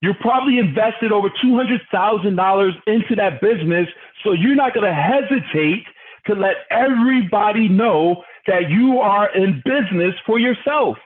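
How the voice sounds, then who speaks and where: A man's voice: high-pitched, expressive, normal speed. A man leading a motivational business training call, fired up and preachy, often putting questions to his listeners. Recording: tinny phone-line audio.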